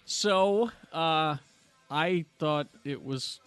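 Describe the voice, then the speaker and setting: A man's voice: on the high side, drawn-out words, fairly bright tone, smooth, soft background music. A man hosting a casual podcast chat about films, steering the talk and swearing freely. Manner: leads the segments, swears casually. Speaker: podcast host.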